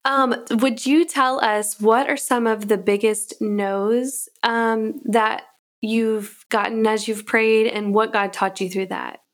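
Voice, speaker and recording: A woman's voice: a little high, little pitch movement, slow pace. Affirming woman interviewer. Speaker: interviewer and host. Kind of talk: interview questions.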